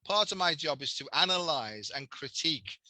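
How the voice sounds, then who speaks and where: An older man with a Liverpool accent talks easily as a podcast host. He tells stories and slips into the voices of people he quotes. His voice is very bright and a little high for a man, and it is recorded close and dry. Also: animated, moderate pace, dry recording. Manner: chatty, storytelling, acts out quoted voices. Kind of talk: casual conversation.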